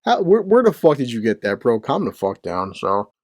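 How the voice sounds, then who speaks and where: A man's voice: mid-range voice, wildly swooping pitch, normal speed, no room sound, studio quality. A middle-aged man hosting his own channel, ranting crudely about the news with rhetorical questions and constant swearing. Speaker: commentary channel host. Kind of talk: profane ranting commentary. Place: home basement near a boiler.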